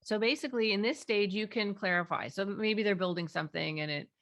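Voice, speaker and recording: Gravelly-voiced woman explaining parenting technique. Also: mid-range voice, fairly quick. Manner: animated, acts out parent and child voices. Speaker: parenting clinician and author. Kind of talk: explanatory interview talk.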